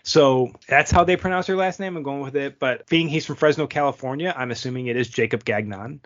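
A man co-hosting a hockey podcast in casual chat, rambling and animated, laughing at his own stumbles. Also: mid-range voice, fairly quick. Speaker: podcast co-host. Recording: dull lo-fi audio.

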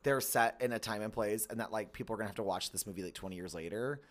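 A man's voice: fairly low pitch, fast talker. A man co-hosting a podcast in playful, casual chat, full of "like" fillers. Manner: chatty, lots of "like" fillers, playful. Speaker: podcast co-host.

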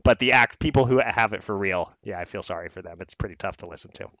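A man's voice: low-pitched, fast, a bit bright, no echo. Man, podcast host, chatty, stumbles and restarts, dry close sound. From Philadelphia. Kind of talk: casual podcast chat.

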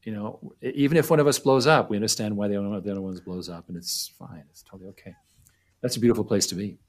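A man's voice: on the low side, fast talker. A man speaking as a guest on a podcast, chatty and reflective, often trailing off mid-thought. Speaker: company founder and guest. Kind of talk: casual interview conversation.

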